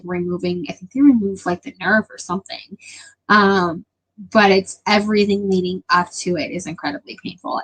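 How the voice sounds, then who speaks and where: A woman's voice: mid-range voice, a bit bright, husky, poor audio. A young adult woman chatting casually with her live stream viewers, rambling with lots of filler words.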